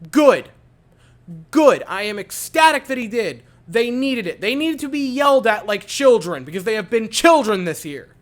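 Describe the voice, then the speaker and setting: A man giving an animated post-game reaction to a hockey game, repeating his points for emphasis. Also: very high voice, normal speed, few pauses. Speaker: hockey fan commentator.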